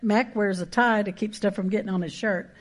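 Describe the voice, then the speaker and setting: A woman pastor, preaching a sermon in a folksy, emphatic way with quick asides and rising exhortations. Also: mid-range voice.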